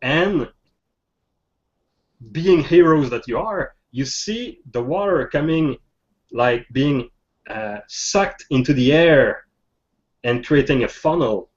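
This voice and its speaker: Slow, halting male game master. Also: a little high, animated. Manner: halting, many fillers and restarts. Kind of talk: narrating a tabletop game. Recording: dull lo-fi sound.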